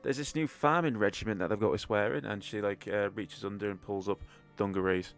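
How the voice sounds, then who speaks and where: A man's voice: fairly low pitch, fairly quick. A man narrating as game master of a tabletop game, rambling along with many fillers. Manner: rambling, relaxed, full of fillers. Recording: faint background music.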